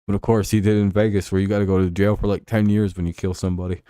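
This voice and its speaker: A man with a lowish, mellow voice rants through casual sports talk, swearing freely and rambling from point to point. The sound is close and dry, with no room around it. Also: flat delivery, fast talker, smooth, no echo. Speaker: sports show host. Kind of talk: casual livestream commentary.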